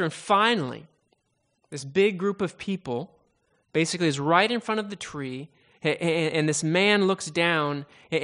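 A man's voice: a little high, a bit bright. A man preaching a sermon, retelling a story dramatically with frequent restarts and stammers.

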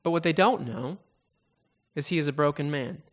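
A man's voice: on the high side, normal speed. A man preaching a sermon, retelling a story dramatically with frequent restarts and stammers.

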